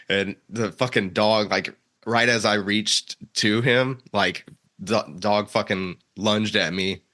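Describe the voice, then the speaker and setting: Podcast host, young man, low bright voice, easygoing and chatty. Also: steady tone, unhurried. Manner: laid-back, laughs often, many fillers and restarts. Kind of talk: casual chat.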